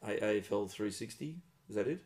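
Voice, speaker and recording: Aussie podcast co-host with a low, gravelly voice, rapid and wry in casual sports banter. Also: male voice, animated, a little mellow.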